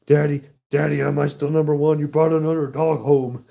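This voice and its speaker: A man's voice: on the high side, little pitch movement, fairly quick, vocal fry, lo-fi sound, pitched above the performer's own voice. A man voicing his needy, jealous male pet dog, whiny and pleading.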